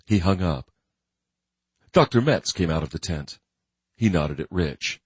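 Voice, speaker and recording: Low husky guy reading a crime thriller audiobook, steady and grim. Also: a little slow, long pauses, no echo. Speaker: audiobook narrator. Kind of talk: scripted narration.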